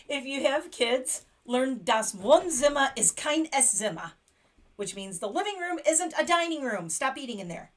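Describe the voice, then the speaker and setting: A woman's voice: high voice, very animated, moderate pace. A woman from the United States hosting a casual late-night livestream chat. She talks in a chatty way, laughs often and reads short practice phrases aloud. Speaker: livestream host.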